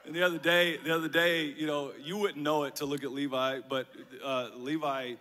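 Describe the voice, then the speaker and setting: A man telling a rambling story about his son, animated and emotional, with many restarts. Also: a little high, moderate pace. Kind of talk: storytelling comedy set.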